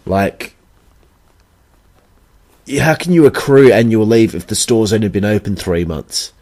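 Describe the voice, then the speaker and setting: A man's voice: on the low side, lively intonation, unhurried, long pauses, a little mellow. Blunt Australian man telling a story. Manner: blunt, swears freely, acts out quoted exchanges. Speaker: podcast host and backyard wrestler. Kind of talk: casual storytelling.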